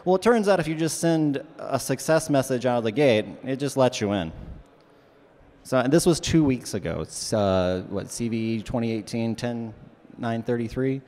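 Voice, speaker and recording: A man's voice: medium pitch, lively intonation, normal speed, darkish tone. A man co-presenting at a conference, explaining things in a casual way. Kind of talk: conference talk. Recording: long hall reverb.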